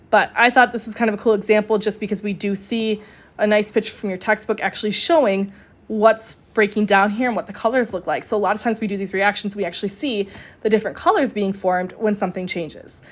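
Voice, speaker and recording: A woman's voice: mid-range voice, steady tone, brisk. A woman chemistry instructor giving a recorded lecture, explaining step by step in a conversational way with fillers and self-corrections.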